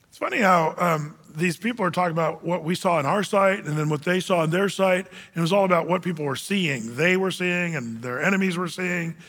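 A man preaching to a room of men, animated and acting out the voices of the people he quotes. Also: high voice, a little fast, few pauses. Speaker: men's group speaker. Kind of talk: sermon. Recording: reverberant hall.

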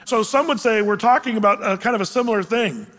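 Male pastor, high bright voice, conversational Bible teaching, church hall reverb. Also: quick pace. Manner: conversational, asks the congregation questions, reads scripture aloud. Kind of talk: verse-by-verse Bible teaching sermon.

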